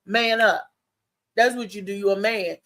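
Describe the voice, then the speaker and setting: Woman, casual co-host, bright tense voice, animated storytelling, frequent restarts. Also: medium pitch, normal speed. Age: adult with a child. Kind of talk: casual chat.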